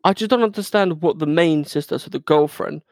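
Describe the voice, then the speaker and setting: A man co-hosting a podcast in casual chat, teasing and animated. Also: fairly high pitch, fairly quick, no echo, clean studio sound. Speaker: podcast co-host.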